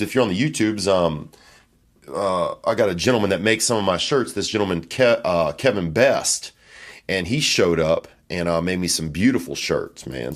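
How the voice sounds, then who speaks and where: A man with a low, deep voice rambles through a comic monologue. He talks in a loose, offhand way and swears freely, like a comedian riffing alone in a hotel room. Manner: loose, profane, offhand storytelling. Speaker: podcast host and comedian.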